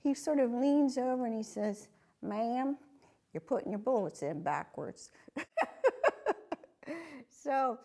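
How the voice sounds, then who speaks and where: A woman's voice: fairly high pitch, lively intonation, slow pace, gravelly, pauses often, mellow. A woman, a Navy veteran, telling a story in an interview and acting out her own reactions.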